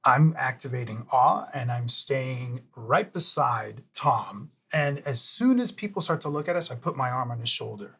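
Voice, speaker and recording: A man's voice: medium pitch, animated, moderate pace, vocal fry, few pauses, a bit bright, husky. A man playing in a tabletop role-playing game, chatting in an easygoing way. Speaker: player. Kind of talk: casual tabletop play.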